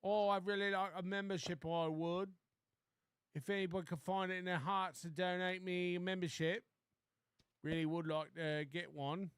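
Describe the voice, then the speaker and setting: A man's voice: high-pitched, fairly even intonation, normal speed, fairly bright tone, smooth, dry recording, studio quality. A man putting on a whiny English beggar. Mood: pleading. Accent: put-on English. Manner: whiny, pleading. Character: pleading English man begging for a membership. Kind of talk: comedic impression on a podcast.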